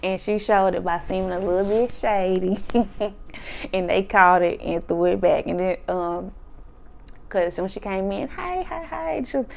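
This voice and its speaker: Woman, casual recap vlogger, animated storyteller, gravelly voice, dull lo-fi sound. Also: on the low side, unhurried, a little hiss or hum. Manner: animated, acts out quotes in exaggerated voices, laughs often. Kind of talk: casual episode recap chat.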